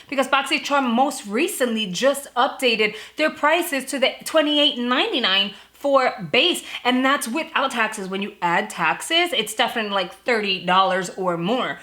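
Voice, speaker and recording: Bright, chatty woman vlogger. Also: on the high side. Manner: chatty, fast asides with frequent "like" and laughs. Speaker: beauty subscription box vlogger. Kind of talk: casual to-camera vlog.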